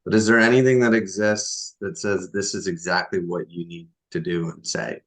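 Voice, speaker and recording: Male co-host, very low voice; direct, probing interviewer. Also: fairly even intonation, normal speed, fairly bright tone. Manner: direct questioning. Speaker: podcast co-host. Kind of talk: conversational podcast interview.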